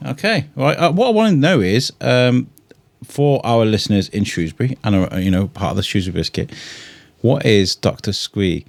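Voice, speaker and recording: A man hosts a podcast quiz in an upbeat, game-show way. His voice has an ordinary mid pitch and sounds dry and close. He stretches out his announcements and countdowns. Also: lively intonation, normal speed, gravelly, dry recording. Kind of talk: game-show style hosting.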